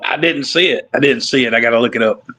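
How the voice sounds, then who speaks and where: A man's voice: medium pitch, quick pace, pushed and bright, poor audio. A man co-hosting a sports talk show, laid-back with short replies. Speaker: co-host.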